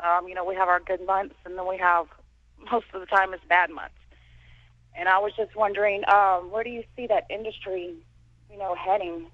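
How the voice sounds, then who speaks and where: A woman's voice: medium pitch, level tone, normal speed, no room sound. Hesitant woman calling in by phone. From Houston, Texas. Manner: hesitant, with many ums. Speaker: caller. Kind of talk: phone-in call. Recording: muffled dry phone line.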